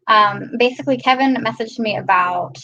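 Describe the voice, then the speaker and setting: A woman's voice: on the high side, normal speed, pushed and bright, muffled recording. A woman hosting a casual live stream, chatting and greeting viewers by name. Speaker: live-stream host filling in.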